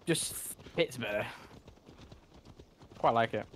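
A man's voice: medium pitch, slow, slight background noise. Rambling, foul-mouthed gamer guy. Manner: rambling, swears freely, thinks aloud. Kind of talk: casual gameplay commentary.

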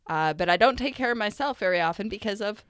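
A woman's voice: mid-range voice, fast talker, clear, resonant tone, no echo. Earnest woman podcast host, dry close mic. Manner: earnest and animated, with frequent "like" fillers. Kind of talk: casual conversation.

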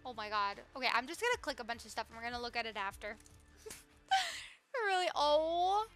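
A young woman streamer chats excitedly with her viewers, gushing over everything she finds. Her voice sits high and sounds bright and sharp. Faint music plays in the background. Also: a little fast. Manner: excitable, gushing, talks to chat. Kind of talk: live game stream chat.

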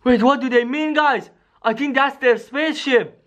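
A male YouTuber with a very high-pitched voice narrates a scripted scary skit at normal speed, addressing viewers in an excitable rush packed with "yo" and "guys". He keeps the camera audience close throughout, and the sound is lo-fi.

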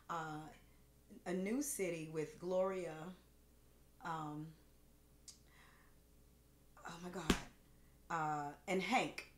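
Lower-voiced woman gushing thanks in a roomy space. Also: a little hiss or hum. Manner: effusive, rambling thanks with many fillers; emotional, close to tears. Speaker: cooking show host. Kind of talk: casual livestream chat. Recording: roomy echo with faint music.

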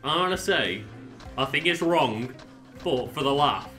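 A man's voice: mid-range voice, animated, unhurried, sharp tone, soft background music. A man playing a game as a guest on a let's-play, chatting casually and laughing easily. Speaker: guest player.

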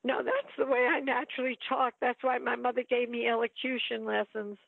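A woman's voice: a little high, brisk, creaky, slightly rough, no room sound. Older lady reminiscing, dry close sound, chatty, quotes people a lot. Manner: chatty storyteller, lively quoted asides. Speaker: actress guest. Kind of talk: reminiscing interview. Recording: tinny phone-like line.

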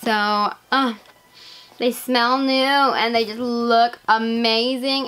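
A bright, high-pitched teenage girl talking straight to her camera in a casual vlog. She gushes and bubbles over, stringing everything together with "like" and "legit," and her excitement keeps spilling out. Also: slow pace, slight background noise. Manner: gushing, excitable, lots of "like" and "legit". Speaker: vlogger.

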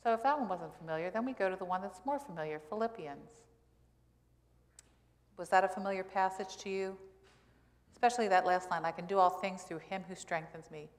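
A woman pastor preaches in a conversational way and keeps asking the congregation questions. Her voice sits at a middle pitch. It carries a long reverb from the church sanctuary. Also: brisk. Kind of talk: sermon.

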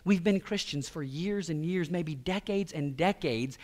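A man's voice: fairly high pitch, a little slow, darkish tone. A middle-aged male pastor preaching a sermon in a conversational way, acting out quoted voices and restarting words as he goes.

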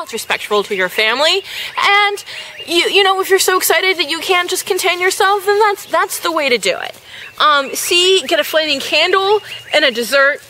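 A woman's voice: sits high, bright, forceful tone, a little hiss or hum. A young adult woman ranting sarcastically about magazine quiz advice, cussing freely and repeating herself for emphasis. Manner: sarcastic, exasperated, emphatic repetitions; cusses freely. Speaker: vlogger reviewing a magazine quiz. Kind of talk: ranting commentary.

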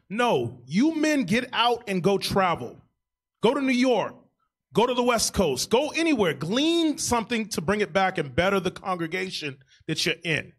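A man's voice: high-pitched, sing-song, normal speed. A church elder, a man speaking in sermon commentary, with an earnest, exhorting manner.

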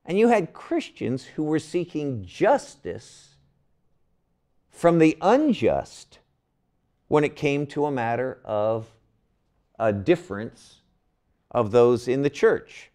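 Slow, animated older man teaching Bible. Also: mid-range voice. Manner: animated, asks the class questions, stretches key words. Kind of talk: classroom Bible lesson.

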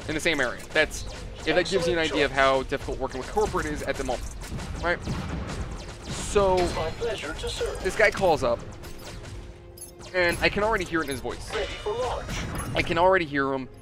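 A man's voice: on the high side, normal speed, pauses often, over music. A man hosting a gaming video, chatting casually and swearing freely as he tells a story and acts out the customers. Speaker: gaming channel host. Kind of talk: casual story-telling over gameplay.

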